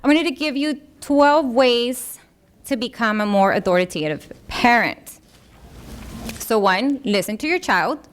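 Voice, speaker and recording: A woman's voice: on the high side, animated, unhurried. A woman giving an informal, earnest talk to parents, slipping into the voices of parents and children as she quotes them. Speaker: parenting workshop presenter.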